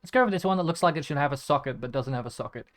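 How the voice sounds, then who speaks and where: A man's voice: a little high, animated, racing. Man muttering crafting commentary. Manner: mutters repeated item names while clicking, swears often. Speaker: gaming streamer. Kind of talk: casual gameplay commentary.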